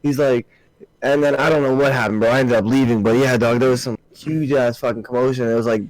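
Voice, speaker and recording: A young man co-hosting a podcast, telling stories in relaxed, slangy casual chat with swearing. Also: mid-range voice, fast, no room sound, rough recording. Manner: laid-back storyteller, slangy, swears. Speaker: podcast co-host.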